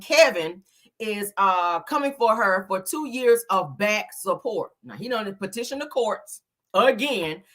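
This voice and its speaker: This woman, mid-range in pitch, runs a live stream about celebrity news and offers gossipy, casual commentary. Her delivery is sassy and expressive, and she addresses viewers as honey and child.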